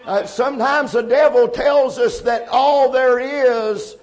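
A man preaching in a strikingly high voice. He talks slowly and deliberately, repeating phrases and building to shouted points. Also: fairly even intonation. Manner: slow, preaching cadence that builds to shouted emphasis. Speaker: pastor. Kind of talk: sermon with opening prayer.

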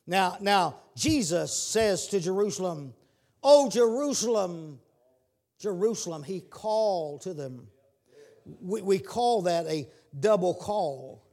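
A man preaching a sermon, repeating his words and building to shouted calls. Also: high-pitched, animated, takes it slowly.

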